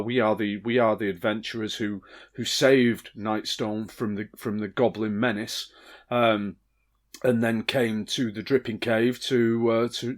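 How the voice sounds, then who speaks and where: Man, tabletop player, formal in-character talk, halting restarts. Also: lowish voice. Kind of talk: in-character role-play.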